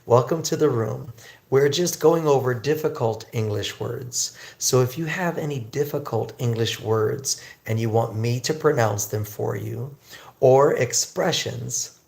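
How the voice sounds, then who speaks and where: Slow, gravelly man teaching English. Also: mid-range voice, a little mellow. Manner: slow, drawn-out pronunciation drills; chatty, greets viewers. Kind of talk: livestream English lesson.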